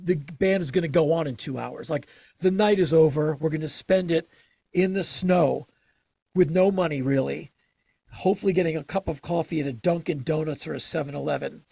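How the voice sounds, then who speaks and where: An older man telling stories in a casual interview, emphatic and animated, with sudden bursts of energy. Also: on the high side, a little fast, gravelly, husky, no echo. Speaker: interview guest.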